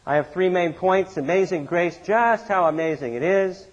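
Husky-voiced man preaching a sermon. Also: normal speed, muffled recording. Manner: storytelling, animated swings in pitch and loudness. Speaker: pastor.

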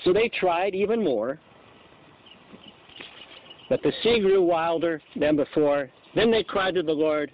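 Guy preaching a sermon, high voice jumping all over, kinda dull lo-fi recording. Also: measured pace, pauses often. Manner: animated, acts out voices in scripture. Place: church.

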